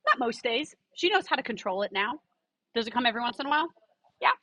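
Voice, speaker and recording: Middle-aged woman, breathy-edged voice, emphatic and warmly reassuring storyteller, dry recording. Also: fairly high pitch, very animated, fast, no echo. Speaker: Pilates instructor and studio owner. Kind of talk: podcast interview guest.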